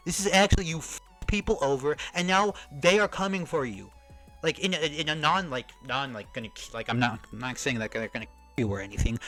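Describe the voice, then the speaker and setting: A man ranting in a reaction commentary, heated and profane, swinging from shouts to mutters. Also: on the high side, low-quality recording. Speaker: commentary streamer.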